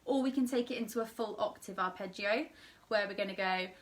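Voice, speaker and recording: A woman's voice: mid-range voice, brisk, recorded from a distance. A young woman teaching an online singing lesson with a slightly tired voice, explaining and demonstrating sung vowels.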